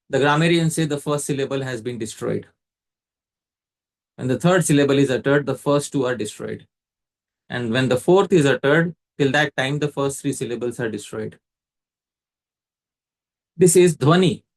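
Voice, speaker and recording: A man giving a scriptural lecture, explaining step by step in a measured way and pausing to quiz a listener. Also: mid-range voice. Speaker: teacher.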